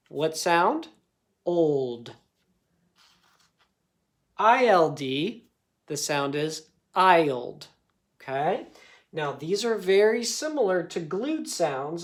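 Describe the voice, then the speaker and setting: Patient man teaching slow phonics. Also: a little high. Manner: slow, patient, ends most sentences with a checking "okay?"; sounds out words and letters carefully. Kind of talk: recorded phonics lesson for young students.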